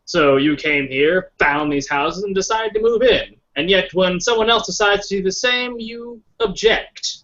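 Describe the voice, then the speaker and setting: A man's voice: sits high, a little slow, hardly any pauses, a bit bright, highs cut off. A man role-playing a noble character in a tabletop game, wry and lordly in tone. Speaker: player voicing a noble. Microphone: online video call.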